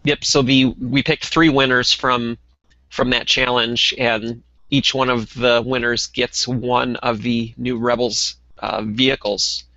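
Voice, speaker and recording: Guy cohosting a toy podcast, bright forceful voice, lotta ums, dry kinda dull mic. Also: medium pitch, takes it slowly, no room sound. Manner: relaxed, many ums and uhs. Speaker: podcast co-host. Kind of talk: casual podcast chat.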